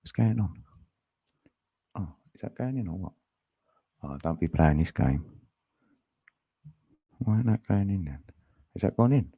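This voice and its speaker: A man's voice: low voice, lively intonation, measured pace, creaky, long pauses, dark tone, slightly rough, no echo. A man chatting casually on a live stream, laughing often and greeting viewers by name.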